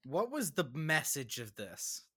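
A man on a podcast in casual chat, dropping dry, deadpan quips. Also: a little high, unhurried, slightly rough, no echo.

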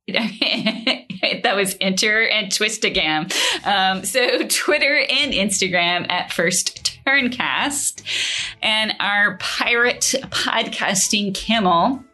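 A woman co-hosting a podcast in casual chat, relaxed and unhurried. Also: mid-range voice. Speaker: podcast co-host.

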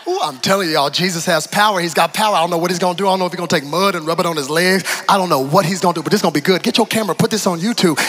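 A man preaching with a high, lively voice that leaps up and down in pitch. His tone is bright and a little husky. He drops to near-whispers, then rises to loud, comic shouts as he acts out scenes for the congregation. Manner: dynamic preaching, swings from hushed near-whispers to loud excited shouts, humorous. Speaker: pastor. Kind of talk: sermon.

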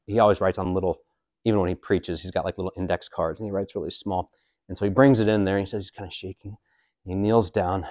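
A man's voice: low-pitched, darkish tone, no room sound, clean studio sound. A man in his forties, a priest, teaching a catechism class in a casual, joking way with many fillers. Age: 40s.

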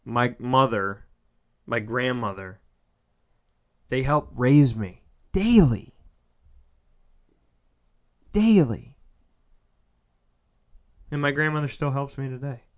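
A man giving a heartfelt motivational monologue. He repeats phrases for emphasis and swings between loud, pushing lines and soft, near-whispered ones. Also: medium pitch, lively intonation, takes it slowly, pauses often.

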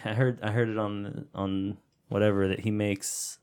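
Guy on a sports podcast, lowish voice, cusses a lot, cracks jokes. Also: normal speed, smooth. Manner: swears often, jokey and animated. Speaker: podcast co-host. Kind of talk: casual sports chat.

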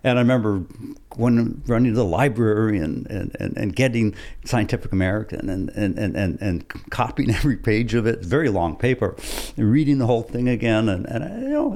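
A man recalling his freshman year in an animated, stumbling way. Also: on the low side, a little fast, vocal fry. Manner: animated, repeats words. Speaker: guest. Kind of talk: casual recollection.

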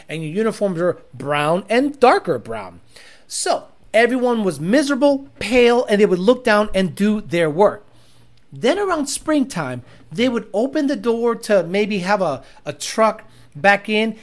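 A man chatting casually on a livestream, rambling and crude, often laughing and repeating words as he stalls. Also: sits high. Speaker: streamer reading chat.

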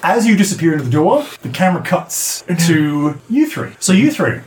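A man's voice: on the high side, very animated, normal speed, a little hiss or hum. A man running a tabletop fantasy game as game master, narrating scenes with frequent laughter. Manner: laughs often, playful narration.

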